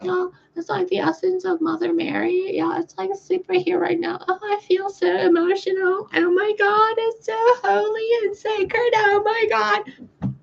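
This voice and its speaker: A woman mocking a gushing, breathless fake spiritual channeler in a high, airy voice. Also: level tone, measured pace, gravelly, muffled recording, a little hiss or hum, heavily acted.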